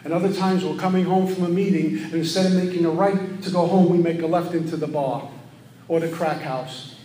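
A middle-aged man giving an earnest, preachy share at a recovery meeting, often acting out his own thoughts in quick asides. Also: fairly high pitch, steady tone, warm tone, a little hiss or hum. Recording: echoey room with faint ambience.

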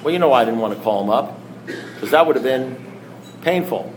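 A man's voice: medium pitch, expressive, brisk. A man sharing his recovery story at a meeting, rambling, repetitive, blunt and self-deprecating. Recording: echoey room with faint background noise.

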